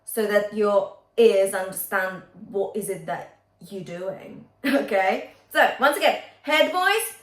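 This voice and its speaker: A woman's voice: medium pitch, slow, reverberant. A woman vocal coach teaching a singing lesson, upbeat and encouraging, often checking in with her students.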